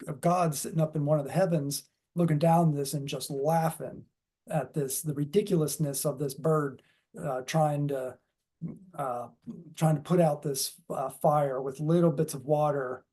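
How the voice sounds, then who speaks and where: A man's voice: on the high side, dark tone. A man giving a dharma talk in a casual, rambling way with many fillers and restarts. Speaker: dharma speaker.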